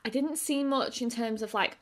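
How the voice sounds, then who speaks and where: A woman's voice: fairly high pitch, normal speed. A young woman vlogging a casual makeup review, chatty and full of fillers. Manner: chatty, filler-heavy with frequent "like"; quieter and tired while applying makeup. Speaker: beauty vlogger.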